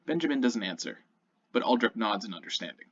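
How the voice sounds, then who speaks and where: Male game master narrating a tabletop game, animated and expressive delivery, muffled lo-fi audio. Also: fairly low pitch, fast, no echo. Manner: descriptive and animated, with occasional self-corrections. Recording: muffled lo-fi recording.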